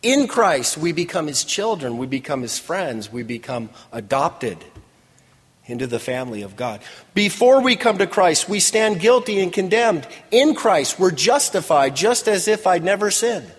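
A man's voice: high-pitched, big pitch swings, measured pace, slightly rough. A man preaching a sermon as pastor, with emphatic call-and-response. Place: church sanctuary. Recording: long reverb in a large hall.

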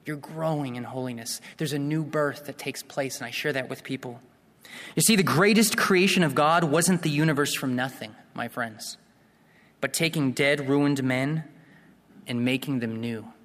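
A man's voice: mid-range voice, moderate pace, fairly bright tone. A man preaching an evangelistic sermon, earnest and repeating himself, rising into impassioned appeals. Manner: repeats and restarts phrases. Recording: long reverb of a hall.

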